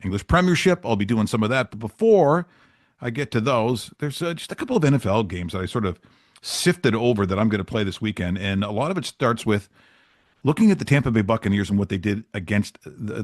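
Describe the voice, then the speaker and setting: A man's voice: on the low side, animated, fairly quick, no room sound, studio quality. Chatty male sports betting host. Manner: chatty and joking, with loose asides. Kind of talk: casual sports picks talk.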